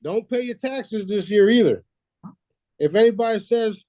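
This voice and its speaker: A man's voice: high voice, moderate pace, dark tone, no echo. A man hosting a casual talk, boastful and preachy, swearing freely and laughing at his own lines. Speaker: host.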